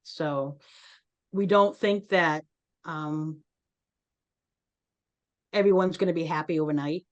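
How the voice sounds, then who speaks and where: A woman's voice: sits low, takes it slowly, pauses often, muffled recording. A woman hosting an online community meeting, talking earnestly and conversationally and calling on participants. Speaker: host.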